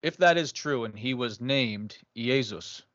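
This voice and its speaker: A mid-pitched man in a casual discussion, chiming in with brief affirmations and the odd comment. His voice comes through muffled, lo-fi audio. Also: animated, measured pace, fairly bright tone.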